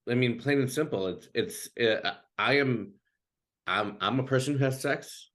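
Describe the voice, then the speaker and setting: A man who coaches queer youth, talking earnestly as an interview guest, halting and restarting often. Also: mid-range voice, fairly bright tone.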